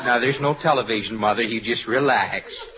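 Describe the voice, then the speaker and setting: An actor playing a homespun, dutiful son with a folksy rustic drawl. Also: male voice, medium pitch, moderate pace, sharp tone, a faint crowd, natural voice. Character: homespun, dutiful young son fussing over his mother. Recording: dull noisy lo-fi sitcom audio.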